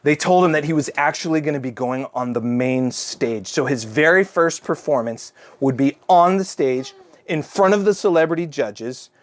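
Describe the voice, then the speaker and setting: A man's voice: fairly high pitch, moderate pace, no room sound. A man, a father, telling an improvised story to his child in a chatty, rambling way with many fillers. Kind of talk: improvised bedtime-style storytelling.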